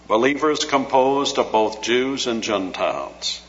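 Measured preacher in an echoing hall. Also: male voice, medium pitch, fairly bright tone. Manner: measured, teacherly, slows for emphasis. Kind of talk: expository sermon. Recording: dull lo-fi audio in a reverberant hall.

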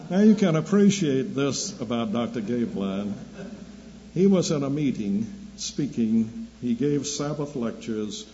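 Older male preacher, deliberate anecdotal delivery; muffled lo-fi recording. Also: medium pitch, warm tone. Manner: slow deliberate storytelling, dry humor. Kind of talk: sermon with anecdotes. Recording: dull lo-fi recording with faint hum.

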